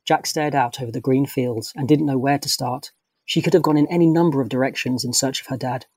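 A man narrating a children's storybook in an even, descriptive way. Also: medium pitch, brisk, dry recording. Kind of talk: storybook read-aloud.

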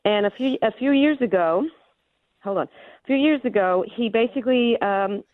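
A woman's voice: on the high side, normal speed, no room sound. Woman, radio caller, out of breath, rambling, tinny phone line. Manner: rambling, emphatic.

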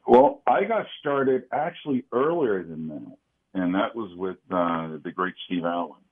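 A laid-back man from Kansas City, a security consultant, answering interview questions. His voice is very deep and comes through a narrow, tinny phone line. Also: lively intonation, unhurried. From Kansas City, United States. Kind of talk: casual interview.

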